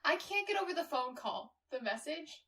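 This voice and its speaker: A woman co-hosting a true-crime podcast in casual chat, sympathetic and soft-spoken. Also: sits high, big pitch swings, moderate pace. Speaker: podcast co-host. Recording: voice a bit distant from the mic.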